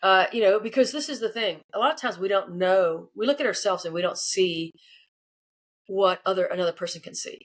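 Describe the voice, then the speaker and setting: Woman coach, quick delivery, lively storyteller who voices the people she quotes. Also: mid-range voice. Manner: animated, acts out quoted people. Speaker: guest, leadership coach. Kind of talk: casual interview answers, storytelling.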